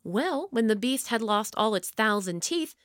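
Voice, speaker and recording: A woman reading a children's story aloud, expressive and dropping low and quiet for the tense parts. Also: measured pace, dry recording, studio quality.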